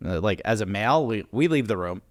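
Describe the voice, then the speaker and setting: A man with a New York accent, co-hosting a casual podcast about weddings, animated, swearing often and laughing. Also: lowish voice, brisk, dry recording, studio quality. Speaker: podcast co-host, wedding vendor. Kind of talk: casual chat.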